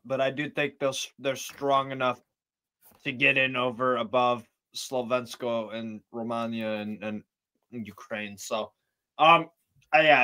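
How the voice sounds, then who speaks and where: A man's voice: medium pitch, pushed and bright. A man co-hosting a casual football podcast, teasing and easygoing as he gives his predictions. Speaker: podcast co-host.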